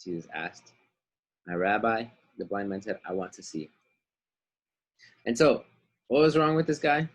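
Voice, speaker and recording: A man's voice: on the low side, animated, a little slow, pauses often, low-quality recording. A man teaching a Bible lesson over a video call, retelling the story casually in everyday slang. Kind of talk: online Bible class lesson.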